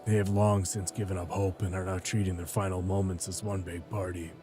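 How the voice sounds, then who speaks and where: A man's voice: level tone, fairly quick, music in the background, close to an everyday voice. A man voicing a grim, weary adult warrior hero who speaks curtly and dryly. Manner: low, quiet, dry and curt.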